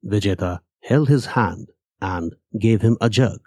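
A man narrating a horror story in a measured, dramatic way. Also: fairly low pitch, a little mellow, no room sound, studio quality. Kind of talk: scripted narration.

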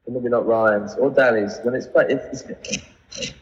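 A man's voice: mid-range voice, fairly even intonation, measured pace, long reverb tail, dull audio, slight background noise. A man as a podcast guest, chatting casually with rambling, laughing asides. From England. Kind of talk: casual chat.

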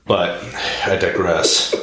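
A man with a very deep but bright, forceful voice tells a rambling, irreverent comic story as podcast host. He jokes crudely and drifts off on tangents. The room around him is echoey. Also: little pitch movement, slow pace, a little hiss or hum.

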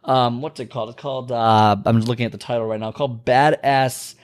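A man's voice: mid-range voice, fairly even intonation, fairly quick. A man hosting a solo podcast, rambling and venting before turning motivational. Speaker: podcast host. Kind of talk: casual solo podcast monologue.

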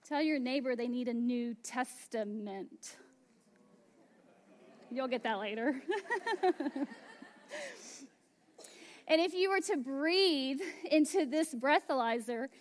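A woman pastor in her thirties preaching a sermon, slow and emphatic, dropping to hushed asides. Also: sits high.

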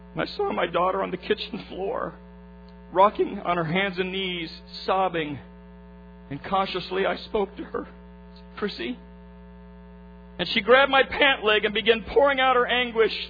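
A man preaching a sermon, retelling a family story and acting out its voices, moving from hushed tones to fervent appeals. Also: very high voice, normal speed. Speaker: pastor. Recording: muffled lo-fi recording with faint hum.

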